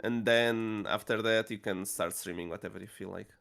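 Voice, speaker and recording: A man's voice: fairly low pitch, fairly even intonation, moderate pace, creaky, fairly bright tone. A man in a casual podcast chat, patiently explaining streaming tips with lots of fillers. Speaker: streamer giving advice.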